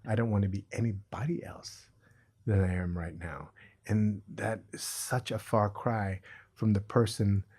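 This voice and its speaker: A middle-aged man talking about recovery as a podcast guest, earnest and reflective with a dry sense of humor, in a husky voice. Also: on the low side, fairly even intonation, unhurried, darkish tone. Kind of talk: reflective conversation.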